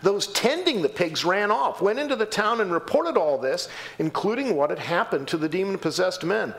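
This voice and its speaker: A man's voice: moderate pace, vocal fry. A man preaching a sermon in a church, acting out the voices of the people he quotes and answers from the pews. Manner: animated, acts out quoted voices with sudden pitch jumps. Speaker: pastor.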